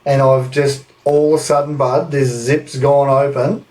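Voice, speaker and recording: A man's voice: mid-range voice, flat delivery, unhurried, darkish tone. An Australian man hosting a podcast, telling a story in a casual, sweary way and laughing often. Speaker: podcast host. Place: indoor room, recorded live.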